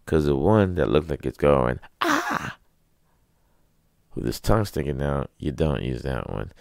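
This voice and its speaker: A man's voice: rumbling low, very animated, normal speed, gravelly, a little mellow, no echo, studio quality. A man hosting a solo podcast, rambling through crude, joking, self-mocking rants. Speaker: podcast host.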